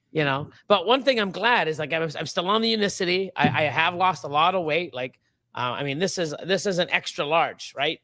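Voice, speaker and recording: A man in his fifties hosts a casual chat in a slightly high voice. His talk rambles and swears, with frequent laughs. The sound is close and dry. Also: moderate pace, bright, forceful tone, dry recording. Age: 50s. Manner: rambling, profane, laughs often. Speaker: livestream host.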